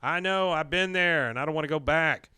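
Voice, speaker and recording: A man voicing an excitable, paranoid middle-aged male cartoon neighbor, raising his voice a little above his own to quote him. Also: fairly high pitch, brisk, clear, resonant tone, no echo, studio quality, pitched above the performer's own voice. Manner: quoting a cartoon character with a raised, excitable voice.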